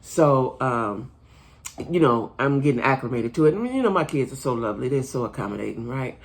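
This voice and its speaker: A middle-aged woman who hosts her own channel rambles straight to her viewers with casual commentary on reality TV, recording while staying at her son's home. Her voice is a rumbling low one with lively intonation, and she talks fairly quickly.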